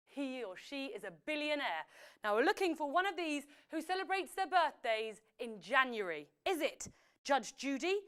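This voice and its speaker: Lively woman hosting a quiz. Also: sits high, clear, resonant tone. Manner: chatty, lively, self-correcting. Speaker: quiz host. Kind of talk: live app quiz hosting.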